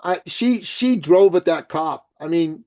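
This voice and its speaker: A man born in Iran, speaking without an accent as a podcast guest, blunt and forceful, swearing freely and swinging between loud outbursts and quiet remarks. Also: a little high, lively intonation, a little slow. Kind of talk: forceful opinionated interview talk.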